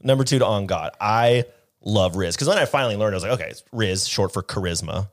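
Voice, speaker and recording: A man's voice: fairly low pitch, lively intonation, fast. A man co-hosting a podcast in casual chat, joking and swearing freely. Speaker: podcast co-host.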